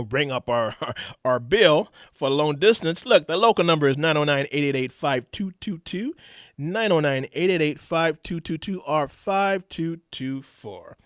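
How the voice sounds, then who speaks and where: A man hosting a live radio talk show, shifting from a booming announcer voice to a loose, rambling chat full of fillers. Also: no room sound, studio quality. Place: radio studio.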